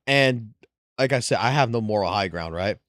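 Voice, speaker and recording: A man's voice: on the low side, expressive, normal speed, a bit bright, dry recording, clean studio sound. Profane man telling a rowdy story. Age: adult with wife and children. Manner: profane, rambling, laughs through his own story. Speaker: live streamer. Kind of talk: casual storytelling on stream.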